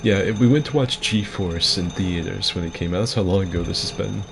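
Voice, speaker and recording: Speaking a little fast, a young man in his twenties rambles through casual gameplay commentary at home, telling chatty stories, swearing freely and staying fairly quiet so he won't wake anyone. His voice is very low with a gravelly fry, and a steady hiss runs underneath.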